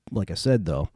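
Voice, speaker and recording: A man hosting a solo podcast, chatting in a relaxed, rambling way with many fillers. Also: low voice, slightly rough, dry recording. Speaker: podcast host. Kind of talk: casual solo podcast talk. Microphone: home podcast mic.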